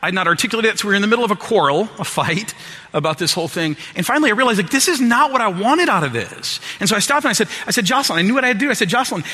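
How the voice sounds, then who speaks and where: A man with a high, husky, pushed and bright voice races through a personal story for an audience in a sermon-style talk, his intonation lively. He acts out his own quotes with self-deprecating humor, and a long hall reverb fills the recording.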